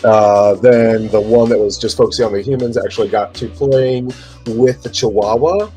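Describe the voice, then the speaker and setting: A dog trainer telling a rambling, relaxed story in casual chat. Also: mid-range voice, normal speed. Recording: faint background music.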